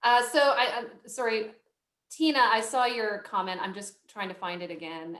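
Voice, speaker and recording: A woman's voice: medium pitch, fairly even intonation, moderate pace, a bit bright. A woman moderating a video call workshop, reading out audience questions in a friendly, chatty, sometimes apologetic way. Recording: roomy video call audio.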